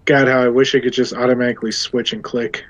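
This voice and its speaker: A man's voice: mid-range voice, little pitch movement, fast talker. Man game master, lo-fi sound. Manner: hesitant, restarts sentences. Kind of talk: running a tabletop game over voice chat. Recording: dull lo-fi recording.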